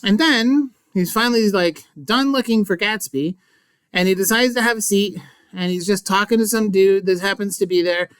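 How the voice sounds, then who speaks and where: Chatty teacher, smooth dry voice. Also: mid-range voice, moderate pace, a bit bright, no echo. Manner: chatty, lots of "like" and asides; playful, mock-dramatic. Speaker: English teacher. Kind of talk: casual book recap.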